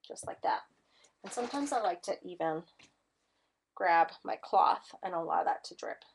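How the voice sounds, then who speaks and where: A woman's voice: on the low side, lively intonation, normal speed, a little hiss or hum. A woman teaching a live-streamed mixed media art class, chatty and enthusiastic as she demonstrates. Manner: chatty and enthusiastic, gushing over colors.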